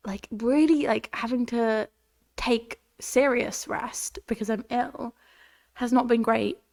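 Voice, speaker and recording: This is a young woman hosting a casual podcast, still congested from a cold. Her voice sits slightly higher than most women's. She rambles on cheerfully and laughs often. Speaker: podcast host. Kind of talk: casual chat.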